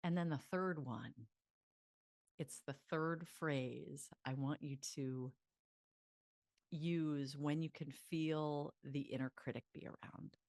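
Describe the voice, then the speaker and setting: Woman, self-help coach, deep voice, lively chatty delivery, dry close sound. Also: slow pace, no echo. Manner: animated and chatty, laughs often, leads mantras aloud. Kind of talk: motivational self-help teaching to camera.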